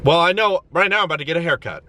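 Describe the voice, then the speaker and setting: A man's voice: a little high, very fast, bright, forceful tone. A man in his twenties, a comedian vlogging in a self-mocking way with sudden melodramatic wails. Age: 20s. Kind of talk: comedic vlog monologue. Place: inside a van.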